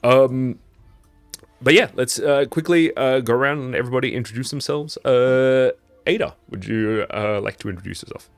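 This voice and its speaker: A man with an Australian accent, game master of a tabletop stream, chatty and quick to laugh. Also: medium pitch, dry recording, faint music behind. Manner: chatty and loose, laughs easily. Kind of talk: casual stream intro.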